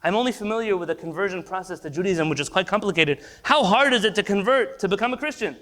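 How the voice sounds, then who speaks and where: A man's voice: high-pitched, lively intonation, quick pace, a bit bright. A man acting out a crafty man forced to convert, sly and cheeky as he turns the tables. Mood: pleading. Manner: pleading, then sly and triumphant.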